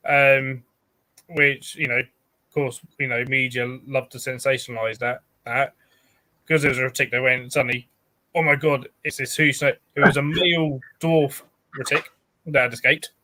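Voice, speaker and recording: A man's voice: medium pitch, fairly even intonation, normal speed, bright, forceful tone, no room sound. Laughing British man telling a story. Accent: British English. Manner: laughs often, tells stories with quoted voices. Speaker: guest. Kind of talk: casual chat.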